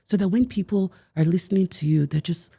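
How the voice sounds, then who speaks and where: A woman's voice: fairly low pitch, fast, vocal fry, mellow, slightly rough. A woman telling a personal story in a podcast conversation, speaking emphatically and repeating key phrases for effect. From United States. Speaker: podcast guest.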